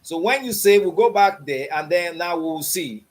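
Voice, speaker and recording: A man's voice: high voice, lively intonation, moderate pace. A man teaching a beginners' coding class online, repeating his checks for understanding and quizzing the learners with open questions. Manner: repeats "you understand what I'm saying?" and quizzes with "what?". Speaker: coding instructor.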